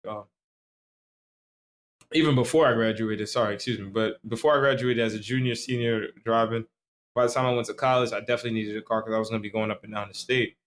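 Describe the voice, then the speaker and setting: A man's voice: lowish voice, fairly even intonation, fast. A tipsy young man from Staten Island, co-hosting a podcast in loose, rambling casual chat full of slang and swearing. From Staten Island, New York. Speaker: podcast co-host.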